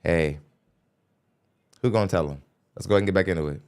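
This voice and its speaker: A man with a very low, smooth and resonant voice talks into a studio microphone. He hosts a podcast and comments in a blunt, lecturing way. His tone is casual. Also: quick pace. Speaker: podcast host reacting to a clip.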